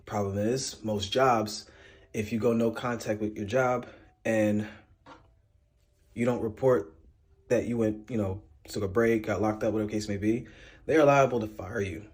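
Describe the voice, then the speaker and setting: A man with a somewhat low voice talking through the news in a casual way. He is blunt and conversational and drops in the odd filler. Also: fairly even intonation, normal speed, darkish tone. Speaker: commentator. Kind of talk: casual commentary.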